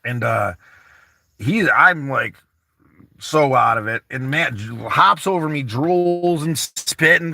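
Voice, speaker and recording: A man's voice: fairly high pitch, normal speed, gravelly, pushed and bright, no echo. A man hosting a vlog, chatting casually with friends inside a camper van, rambling and candid, peppering his talk with "you know" and swearing. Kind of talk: casual chat.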